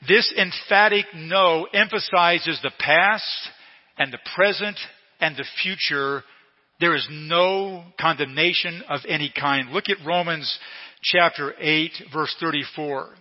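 A middle-aged male pastor preaching a sermon slowly and emphatically, repeating key phrases. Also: on the high side. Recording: long reverb in a hall, dull lo-fi sound.

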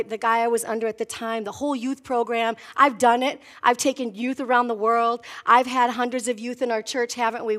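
A middle-aged woman pastor from Wisconsin preaching a sermon, telling a personal story with lively acted-out dialogue. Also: a little high. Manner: animated storytelling preacher, voicing herself and God in dialogue.

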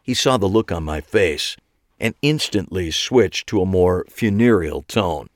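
A man reading a first-person story with wry expression. His voice is on the low side but moves a lot in pitch. The recording is dry and close, with no room sound. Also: expressive, a little slow, no echo. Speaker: audiobook narrator. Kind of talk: scripted first-person audiobook narration.

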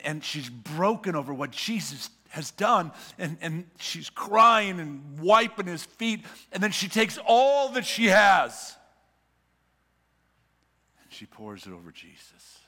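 A man preaching a sermon as a pastor, swinging from loud urging to hushed whispers and repeating words as he builds. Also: on the high side, slightly rough, in a large hall.

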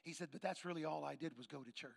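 A man preaches through a personal story. His voice sits high and carries a gravelly edge. He leans into the quoted lines and voices each person in turn. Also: quick pace. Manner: animated storyteller acting out dialogue. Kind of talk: sermon storytelling.

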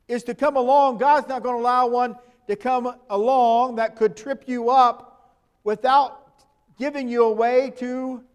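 A man's voice: very high-pitched, clean tone. A man preaching a sermon in a conversational way, asking his listeners questions and reading scripture aloud. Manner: reads scripture verses aloud.

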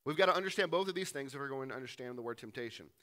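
A man's voice: medium pitch, animated, very fast, bright, forceful tone. A man preaching a teaching sermon, reading verses aloud and asking rhetorical questions. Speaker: pastor. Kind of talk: sermon, teaching through scripture.

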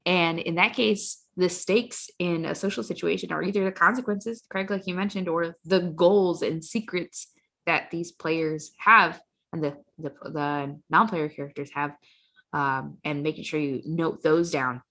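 A woman's voice: on the low side, steady tone, a little slow, vocal fry, fairly bright tone. A woman, a game designer, chatting emphatically with fillers and false starts. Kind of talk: casual discussion.

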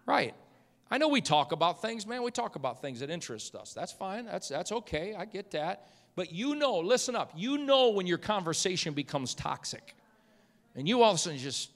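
A high, lively male voice with a bright, forceful edge, preaching from a church platform. He moves between booming emphasis and soft, chatty asides. A long reverb trails after him through the sanctuary. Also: fairly quick. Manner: swings from loud preaching to quiet, chatty asides with laughs. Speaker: pastor. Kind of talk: sermon.

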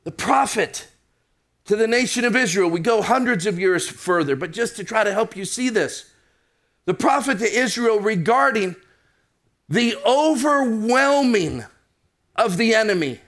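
A man preaching a sermon, reading scripture and slowing down and rising for emphasis. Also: high voice, expressive, a bit bright.

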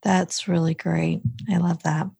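A woman's voice: fairly low pitch, level tone, unhurried, vocal fry, warm tone, husky, no room sound. A woman hosting an interview podcast, attentive and giving frequent affirming murmurs. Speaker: podcast host.

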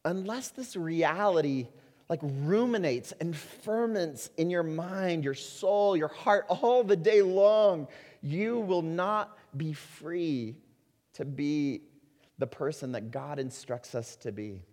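A man preaching a sermon as a pastor, earnest, rising to loud emphasis and dropping to slow, quiet stretches. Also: on the high side. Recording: long hall reverb.

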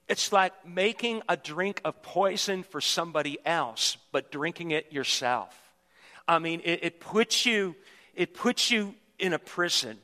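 Male pastor, high bright voice, emphatic sermon delivery, recorded in a reverberant church hall. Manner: emphatic preaching with repetitions. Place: church sanctuary.

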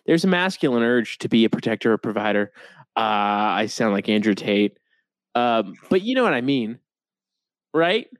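A man's voice: on the low side, sing-song, moderate pace, dry recording. Dry-talking young man, dead-dry sound. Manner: dry, joking, puts on goofy voices. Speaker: podcast co-host. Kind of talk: casual comedic chat.

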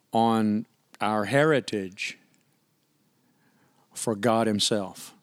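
A man preaching a sermon in a conversational, candid way, asking the listeners rhetorical questions. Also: medium pitch. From United States. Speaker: pastor.

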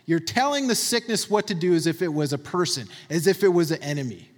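A man's voice: on the high side, lively intonation, brisk. A man preaching a sermon in a conversational, emphatic way, often checking with the listeners. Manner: emphatic, conversational, tags points with "right?". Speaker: pastor. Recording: long reverb of a hall.

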